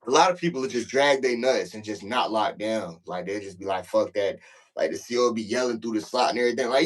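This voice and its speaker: A man's voice: lowish voice, fairly quick. A man telling a prison story in casual, profane talk, acting out the voices in the quotes.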